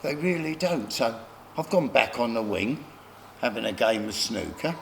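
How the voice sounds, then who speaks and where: Gravelly bloke spinning yarns, bit of hiss behind. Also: male voice, medium pitch, expressive, moderate pace. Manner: gravelly, laughing anecdotes, acts out other voices. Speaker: interview guest. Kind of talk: casual storytelling.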